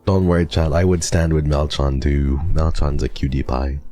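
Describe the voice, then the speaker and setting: A man's voice: a bass voice, moderate pace, mellow, soft background music. A man streaming a horror game, chatting playfully to his viewers at a desk mic. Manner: playful, teasing, talks to chat. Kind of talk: casual game commentary.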